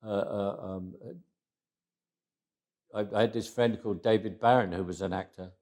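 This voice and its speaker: A man's voice: fairly low pitch, steady tone, moderate pace, darkish tone. A man in his eighties recounting stories in an interview, reflective and often restarting his words. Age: 80s. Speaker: interview guest. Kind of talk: anecdotal interview storytelling.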